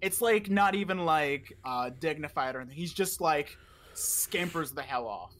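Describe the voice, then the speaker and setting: A man narrating a tabletop game as dungeon master, explaining in a halting way with fillers. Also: a little high, expressive, a bit bright.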